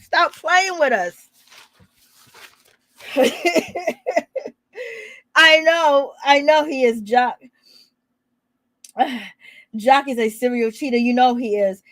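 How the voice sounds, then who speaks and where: Woman dishing reality tv gossip, laughing a lot, bright sharp voice, dry sound. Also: sits high, extremely slow, long pauses, no echo. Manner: laughs often, sassy and teasing. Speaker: gossip channel host. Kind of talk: casual gossip commentary.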